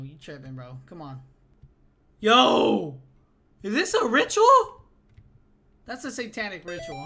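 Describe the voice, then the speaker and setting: A young man giving casual let's-play commentary on a horror game, excitable and jumpy, calling everyone "bro" and yelling when startled. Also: a little high, a little hiss or hum. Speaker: gaming YouTuber.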